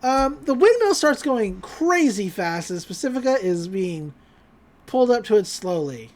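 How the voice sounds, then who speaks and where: A woman's voice: mid-range voice, sing-song, unhurried, darkish tone. A woman podcast host giving a casual, chatty recap of a cartoon episode and acting out the lines as she goes. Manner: chatty, full of fillers, acts out quotes.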